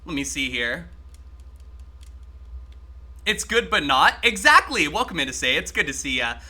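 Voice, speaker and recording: A man streaming a game live, chatting excitably with his viewers and swearing freely as he plays. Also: a little high, unhurried. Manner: talks to chat while playing. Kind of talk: casual live-stream gaming commentary.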